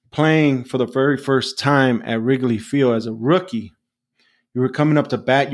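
A man hosting an interview, asking questions with vivid scene-setting. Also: medium pitch. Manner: builds questions with vivid setups. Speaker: interview host.

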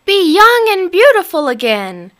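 Woman putting on a high lively troll girl, gleeful, singsong, sly, storybook. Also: unhurried, exaggerated voice. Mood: sing-song. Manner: sing-song, gleeful chanting. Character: spirited young female troll, sly and bold.

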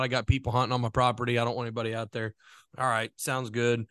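A man co-hosting a casual podcast chat, telling hunting stories with quick bursts of laughter. His voice sits at an ordinary middle pitch. The sound is dry and close, with no room around it. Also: level tone, fairly bright tone, smooth, no room sound. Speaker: podcast co-host.

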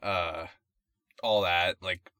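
A man's voice: deep voice, steady tone, very slow, pushed and bright, smooth, no echo. A young man co-hosting a casual podcast, complaining and swearing, laughing often as he tells his stories. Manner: laughs often while ranting, swears a lot. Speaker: podcast co-host. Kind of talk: casual chat.

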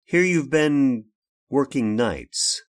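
In a radio drama, an actor plays a fussy, genteel workshop owner narrating his own story in a prim, old-fashioned way and speaking directly to the listener. His medium-pitched voice is very slow yet lively in intonation.

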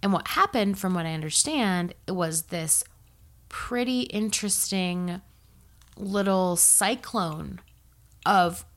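A woman's voice: lowish voice, takes it slowly. A woman in heated, profane political chat, slipping into mocking impressions of angry men.

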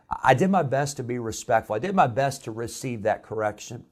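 A man's voice: medium pitch, brisk. A man from Illinois preaching a sermon as pastor. He tells a personal story in a conversational way, with frequent "uh" fillers and restarts.

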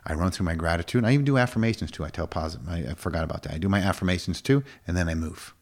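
Very low-voiced man in his forties. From United States. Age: 40s. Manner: emphatic, repetitive, quick swings up to a high pitch. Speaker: fitness coach. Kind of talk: casual interview talk.

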